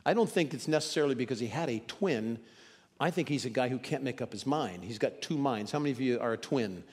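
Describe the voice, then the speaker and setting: A man preaching a sermon, moving between loud emphasis and hushed, dramatic quotes. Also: mid-range voice, expressive, quick pace, breathy edge, long reverb tail.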